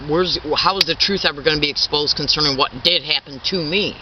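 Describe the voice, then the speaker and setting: A man in his fifties, an activist giving an impassioned statement, halting and repetitive, full of restarts and insistent indignation. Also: on the high side. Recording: dull distant recording with faint traffic.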